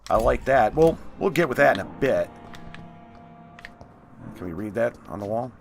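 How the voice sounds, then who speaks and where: A man's voice: mid-range voice, animated, moderate pace, creaky, faint music behind. A man hosting a let's play, giving casual gameplay commentary with chatty, half-muttered asides.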